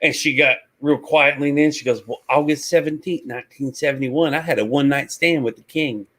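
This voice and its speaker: A man on a talk show, telling a lively anecdote and acting out the voices. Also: a little high, brisk. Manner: animated, acts out voices in anecdotes. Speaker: guest, reseller. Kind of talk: casual storytelling.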